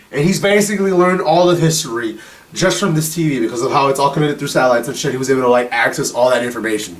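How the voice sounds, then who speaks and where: A young man giving a casual, profane film review, rambling with lots of fillers, a little distant from the mic. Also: a little high. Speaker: movie reviewer.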